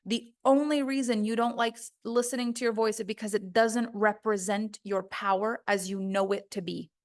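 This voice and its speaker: An earnest woman coaching students on their voices, leaning hard on key words. Her pitch sits in a middle range, and she slips into quick acted-out voices of her students' self-talk. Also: fairly even intonation. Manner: earnest, emphatic, acts out students' inner voices. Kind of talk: online course teaching.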